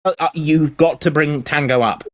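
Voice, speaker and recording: A man's voice: on the high side, fairly even intonation, measured pace, dry recording. Stern, insistent man on a dry mic. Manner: stern, insistent, repeats demands. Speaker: guest on a live stream call. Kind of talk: stern live call argument.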